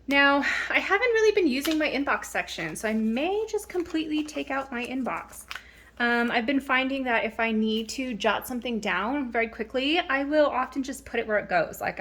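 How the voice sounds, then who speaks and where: At home, a planner vlogger in her thirties walks through her planner in a relaxed show-and-tell. Her voice sits on the high side and is a bit bright, and she's slightly breathless, wandering a little with ums and restarts.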